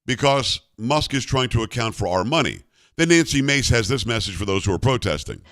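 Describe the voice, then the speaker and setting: A man's voice: medium pitch, animated, brisk, a bit bright, no room sound, clean studio sound. A man hosting a political talk radio show, delivering a blunt, combative monologue with a mocking edge and his own ad reads.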